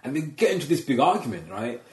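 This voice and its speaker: A man's voice: medium pitch, very animated, fast. A man, a stand-up comedian, telling a story in casual chat and acting out what people said. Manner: storytelling, acts out quotes. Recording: echoey room.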